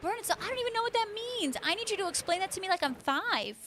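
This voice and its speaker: High-voiced chatty woman streamer. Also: animated, fast, a bit bright, slight background noise. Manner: chatty, laughs often, answers chat by name. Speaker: livestream host. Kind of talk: casual chat with live viewers.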